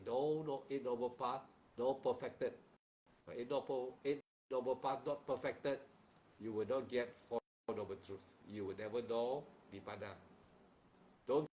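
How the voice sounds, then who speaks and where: The lo-fi recording, with a little hiss or hum, captures a medium-pitched man teaching meditation in a dharma talk. He admonishes sternly, says "huh?" as a recurring tag, and speaks plainly, repeating phrases and restarting sentences.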